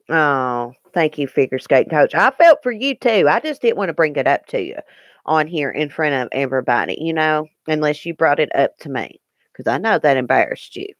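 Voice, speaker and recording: A woman's voice: sits low, dry recording. Lady chatting live with her viewers, earnest, lots of ums, dead dry sound. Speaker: YouTube live-stream host. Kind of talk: casual live-stream chat, answering viewer comments.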